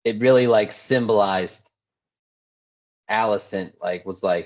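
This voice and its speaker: Lower-voiced man, animated casual chat. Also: a little slow, pauses often. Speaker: podcast co-host. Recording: dull lo-fi recording.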